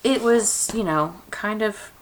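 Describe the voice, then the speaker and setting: Speaking slowly in a mid-range voice, a young woman from Georgia, USA, makes casual conversation during a craft session for her vlog. The recording is rough, and her talk wanders, full of fillers and restarts.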